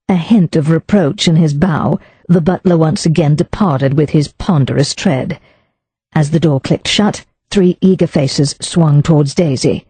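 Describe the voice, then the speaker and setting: A woman narrating an audiobook in a measured storytelling manner. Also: deep voice, mellow, slightly rough, dry recording. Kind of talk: scripted narration.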